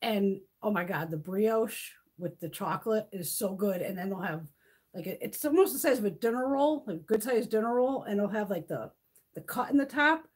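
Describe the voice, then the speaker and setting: A middle-aged woman hosting a beauty livestream, chatting casually and telling animated stories, swearing freely. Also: medium pitch, moderate pace, slightly rough.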